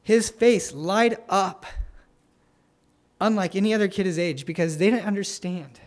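A man preaching an earnest sermon, telling family stories and pleading gently with listeners to come to faith. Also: sits high. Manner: earnest, pleading, tender pauses. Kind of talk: sermon with altar call.

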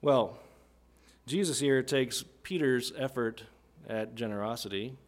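A man of middle pitch preaching a sermon. He keeps it conversational and checks in with the congregation as he walks through a passage. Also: a little slow. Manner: conversational, asks listeners questions, tag "right?".

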